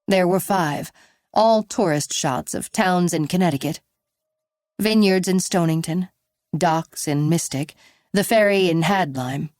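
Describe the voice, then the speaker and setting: A woman narrating an audiobook in a measured, even reading. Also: lowish voice, no room sound. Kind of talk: scripted narration.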